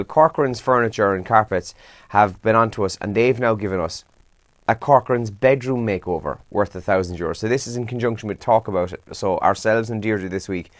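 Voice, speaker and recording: Tired, chatty Irish radio host. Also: male voice, fairly low pitch, no room sound. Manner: chatty, tired and yawning, says lads. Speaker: radio breakfast show host. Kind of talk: casual newspaper and trends roundup.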